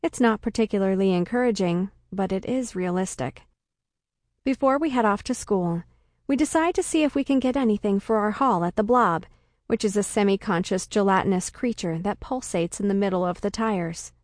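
A woman narrating a first-person comic story with a dry, deadpan delivery. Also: mid-range voice, moderate pace, no echo. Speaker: audiobook narrator.

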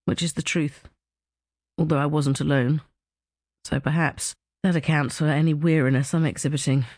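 Woman, audiobook narrator, wry measured reading, dead-dry studio sound. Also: sits low, darkish tone, no echo. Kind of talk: first-person scripted narration.

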